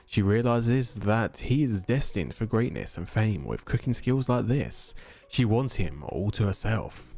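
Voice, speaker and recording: A man streaming a game, reading its narration aloud with a very lively, swooping pitch. He breaks off for casual, cursing asides, and game music plays faintly beneath him. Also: measured pace. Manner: animated, casually profane asides.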